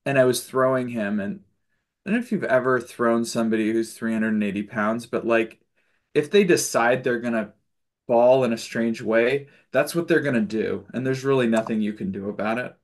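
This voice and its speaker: Medium in pitch and speaking at a normal speed, a man hosts a video-call spiritual discussion group. He rambles through stories casually, restarting and correcting himself, filling pauses, and chuckling now and then.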